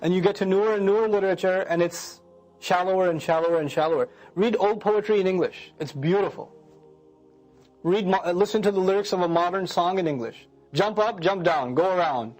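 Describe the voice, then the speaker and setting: A man with a bright, high-pitched voice lectures on scripture with lively energy. He recites Arabic verses and acts out emotions as he explains. Soft music plays faintly underneath. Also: fairly quick. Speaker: Quran lecturer.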